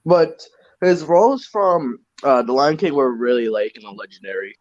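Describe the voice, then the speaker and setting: A relaxed young man chatting on a podcast in a mid-pitched voice. The sound is dull and lo-fi, with no room echo at all. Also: moderate pace. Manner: relaxed, chatty, loose asides. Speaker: co-host. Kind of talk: casual podcast chat. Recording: dull lo-fi recording.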